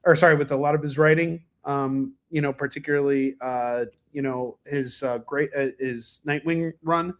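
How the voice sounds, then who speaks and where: A man's voice: mid-range voice, steady tone, normal speed, few pauses. A man hosting a casual livestream, reviewing comics in a rambling, enthusiastic way, full of fillers and restarts, with a cough now and then. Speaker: comic book reviewer, stream host.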